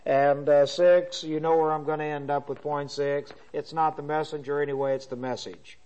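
A man teaching a Bible study lecture, restating each point and pausing with frequent uhs. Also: a little high, steady tone, darkish tone. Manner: repeats points, many filler uhs. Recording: dull lo-fi recording.

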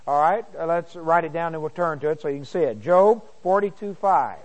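Man teaching a slow, deliberate Bible lesson. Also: fairly high pitch. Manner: slow, deliberate reading of verses, frequent throat-clearing.

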